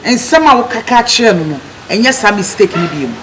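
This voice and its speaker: An actor with a Ghanaian accent playing a bold character who lectures quickly and chants a refrain in a comedy film. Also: mid-range voice, lively intonation, heavy background noise, close to an everyday voice. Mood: lecturing. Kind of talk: comic film acting.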